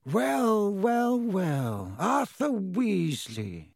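A man voicing a sneering aristocratic older wizard with a slow, contemptuous drawl. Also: high-pitched, lively intonation, no room sound, studio quality, pitched above the performer's own voice.

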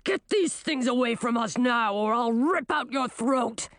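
Lady doing a growly savage werewolf guy from a storybook, menacing, voice pushed into a rougher sound than her own, dry close mic. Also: on the high side, unhurried, no echo. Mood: snarling, menacing. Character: snarling threatening male werewolf, savage. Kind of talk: audiobook character voice.

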